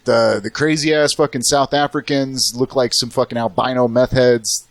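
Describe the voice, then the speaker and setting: Casting: man, podcast host, crude banter, mid-pitched everyday voice. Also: steady tone, no room sound. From South Texas. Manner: crude, joking, does quick impressions. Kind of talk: casual chat.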